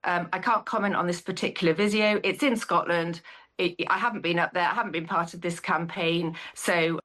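A woman's voice: fairly low pitch, fairly even intonation, brisk, a bit bright. Guarded woman politician. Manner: guarded, repetitive talking points. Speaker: politician being interviewed. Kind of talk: political interview answers.

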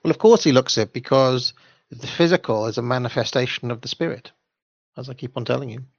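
A livestream host rambles through commentary between storybook pages, circling back and restarting sentences. His medium-pitched voice is brisk and gravelly, and the dry recording sounds slightly muffled.

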